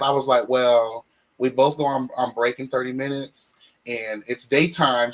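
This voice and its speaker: A young man hosting a casual chat show, telling a story in a flamboyant, sassy, animated way and speaking straight to his listeners. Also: mid-range voice, rough recording. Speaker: podcast host.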